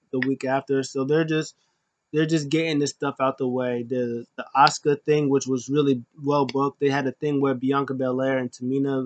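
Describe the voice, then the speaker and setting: A man recapping a wrestling show in a casual, rambling way, full of ums and uhs. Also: mid-range voice. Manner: rambling, filler-heavy, animated.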